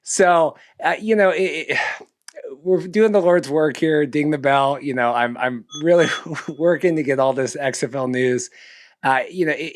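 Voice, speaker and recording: A young man co-hosting a casual podcast, rambling and self-deprecating, often restarting his sentences. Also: on the high side. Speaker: podcast co-host.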